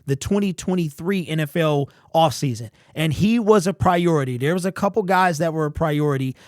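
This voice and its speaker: A man's voice: on the high side, no echo. Emphatic male sports commentator, dry sound. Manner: emphatic, conversational, repeats key points. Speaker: sports channel host. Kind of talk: opinionated sports commentary monologue.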